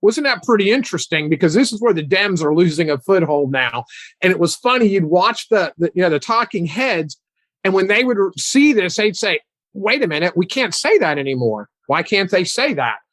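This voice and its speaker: A man in his sixties, a guest on a political talk show, animated and mocking as he talks. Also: brisk, no room sound. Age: 60s. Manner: animated, mocking, mimics opponents in high voices.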